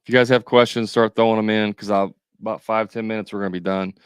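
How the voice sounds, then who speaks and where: A man's voice: fairly low pitch, fairly even intonation, fast, smooth, no room sound, clean studio sound. A man coaching contractors in a casual livestream, talking straight to viewers with joking asides.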